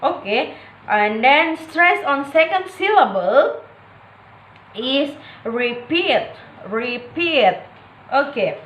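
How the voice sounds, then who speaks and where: A woman's voice: high voice, sing-song, slow pace, long pauses, fairly bright tone, a little hiss or hum. A young woman from Indonesia with an Indonesian accent, an English student explaining a lesson casually and hesitantly, with many fillers and self-corrections. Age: young adult. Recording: echoey room.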